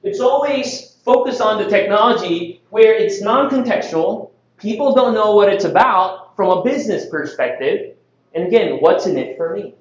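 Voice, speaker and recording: A man gives a lively conference talk, tossing rhetorical questions at the crowd. His voice sits high for a man. It is picked up from a distance in a booming, echoey hall, with a dull, muffled tone. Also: normal speed. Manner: energetic, rhetorical questions to the audience. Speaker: conference speaker. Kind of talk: conference presentation.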